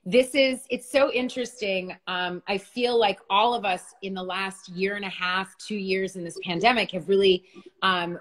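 A middle-aged woman hosting a casual livestream chat from her phone, bubbly and chatty, laughing often. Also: medium pitch. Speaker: livestream host.

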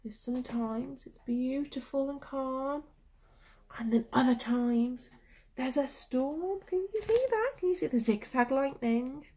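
A woman reads a picture book aloud to young children, her voice high and her pace slow and unhurried. She speaks in a gentle, sing-song way, pausing to ask questions and sometimes dropping to a whisper. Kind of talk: children's storybook reading with questions to the listener.

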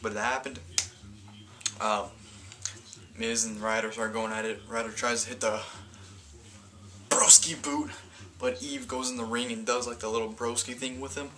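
A man's voice: medium pitch, flat delivery, normal speed, long pauses, bright, forceful tone, a little hiss or hum. A man casually reviewing a wrestling event in a video, rambling and often correcting himself mid-sentence. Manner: rambling, stumbling, self-correcting.

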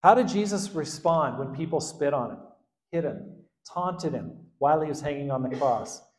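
A man preaching a sermon as pastor, animated, swinging between loud outbursts and quiet asides and acting out the quotes. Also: fairly high pitch, moderate pace, echoey room. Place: church hall.

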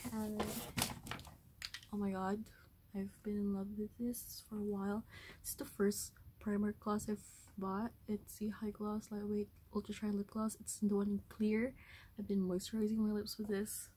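Woman vlogger, chatty haul talk, level delivery, noisy background. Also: medium pitch. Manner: chatty, rambling, self-correcting. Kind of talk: casual haul vlog chat. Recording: background noise.

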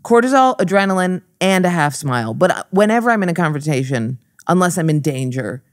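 Brash, animated female podcast guest; storyteller who swears freely. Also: low-pitched, fairly quick, dry recording, studio quality. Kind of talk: casual chat, storytelling.

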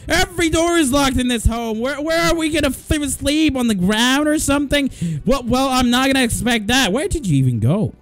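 A young man calls out a horror game as he plays it, loud and joking, with swearing and frequent laughter. His high voice jumps all over the place, and faint game music runs underneath. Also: expressive, a little fast, hardly any pauses. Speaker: gaming video host. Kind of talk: let's play commentary.

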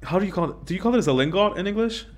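A man's voice: high-pitched, animated, racing. Playful man hosting a casual stream. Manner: playful, laughs often, speaks some Italian. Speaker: game master and level builder.

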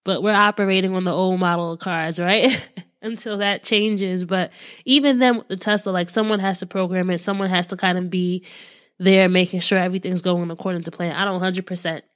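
A woman's voice: lowish voice, steady tone, fairly quick. A woman hosting a motivational podcast, talking in an earnest, encouraging and conversational way, with frequent fillers like "right" and "like". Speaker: podcast host.

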